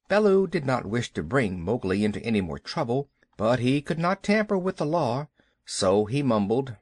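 A man reading a children's audiobook as narrator, unhurried and expressive. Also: medium pitch, no room sound, clean studio sound. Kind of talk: scripted storybook narration.

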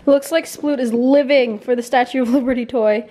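A woman's voice: high voice, fairly even intonation, normal speed, warm tone. A young woman vlogging casually, bubbly and chatty, cooing in baby talk at her dog. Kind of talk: casual vlog chat.

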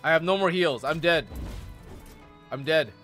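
A man streaming a video game live, chatting casually with viewers and bursting into excited outbursts between mumbled asides. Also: a little high, unhurried. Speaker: gaming streamer. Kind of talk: live gameplay stream chat. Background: faint game music.

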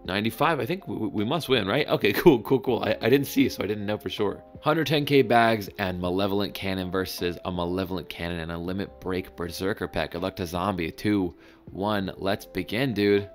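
A man giving excitable, joking live commentary over gameplay, with sudden high-pitched exclamations. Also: a little fast, soft background music. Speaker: gaming channel host.

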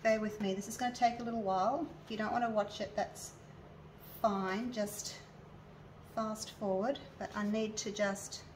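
A woman's voice: medium pitch, fairly even intonation, moderate pace, far from the mic, rough recording. A woman giving a casual hands-on craft tutorial. She talks viewers through each step aloud as she works. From Australia. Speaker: resin artist showing her craft. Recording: mic a little away, faint background noise.

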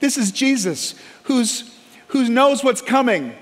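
In a large church sanctuary, a male pastor preaches emphatically, stacking repeated phrases and asking the congregation for an amen. His voice is extremely high with lively intonation, he speaks slowly, and it echoes as in a large hall.

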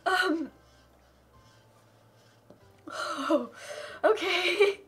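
A woman's voice: very high-pitched, very slow, fairly bright tone, soft background music. A young woman streamer reading out donations and thanking viewers, tearful and laughing through tears, with gushing, affectionate thanks. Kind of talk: live charity stream.

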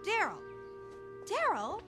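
An actress playing an anxious, bossy young wife who frets and scolds in quick bursts. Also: female voice, very high-pitched, wildly swooping pitch, bright, forceful tone, faint music behind, heavily acted. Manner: rapid, fretting, scolding. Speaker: wife and mother.

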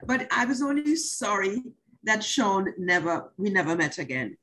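Older woman telling lively anecdotes, husky. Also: medium pitch, moderate pace, rough recording. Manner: animated anecdotes, acts out quoted lines. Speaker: interview guest, former actress. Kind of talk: storytelling interview.

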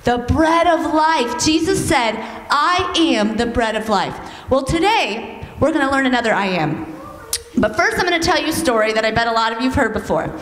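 A woman teaching a children's church lesson, telling a story in an animated, coaxing way and leading the kids in call-and-response. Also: on the high side, moderate pace, slight background noise. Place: church sanctuary. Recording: echoey hall, heard from some distance.

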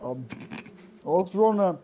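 An excitable, goofy young man who talks in a squeaky, jumped-up voice, as a player puts him on. He sounds eager and a little silly. Faint ambient noise sits behind the voice. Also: slow. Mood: excited.

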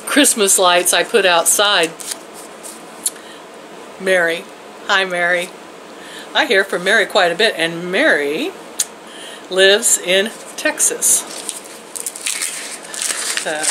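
An older woman chatting in a warm, homey, folksy way to people watching her videos, laughing often and calling out to her pets. Her voice sits at an ordinary pitch for a woman. A faint hiss of room ambience runs underneath. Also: poor audio. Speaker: vlogger. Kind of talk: casual chat to viewers. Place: home, indoors and out in her yard.

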